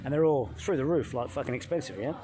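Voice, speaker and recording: Man, middle-aged, from England, profane animated storytelling, rapid delivery, faint background noise. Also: medium pitch. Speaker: health coach vlogger. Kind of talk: casual travel storytelling. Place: outdoors by a hotel pool.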